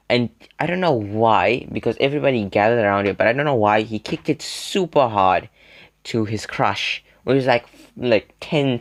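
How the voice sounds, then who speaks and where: A young man telling a casual story to the camera in a rambling way, full of fillers and laughing between sentences. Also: fairly low pitch. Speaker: storytime video creator.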